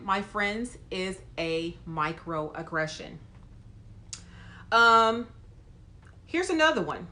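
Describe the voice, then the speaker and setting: A woman who works as a nurse, talking straight to her viewers in an emphatic, lively way. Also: medium pitch. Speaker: nurse and video host. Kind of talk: casual talk to camera.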